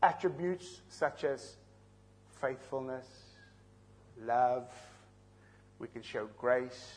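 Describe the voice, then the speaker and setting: Husky South African preacher. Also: male voice, mid-range voice, very slow. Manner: teaching, explains terms, asks the listeners questions. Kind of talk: expository sermon.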